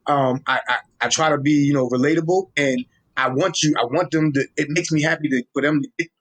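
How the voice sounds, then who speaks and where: In a casual interview, a young man with a New York accent, a Tolkien explainer on social media, speaks a little fast in a slightly high, somewhat raised voice. He explains with lively, street-casual energy, repeating and restarting himself, calm and eager to teach.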